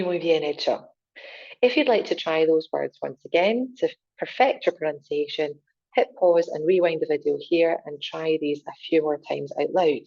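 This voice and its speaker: Slow, low-voiced woman teacher. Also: darkish tone, muffled recording. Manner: slow, clear pronunciation modelling. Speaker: Spanish teacher. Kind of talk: language lesson with repeat-after-me drills.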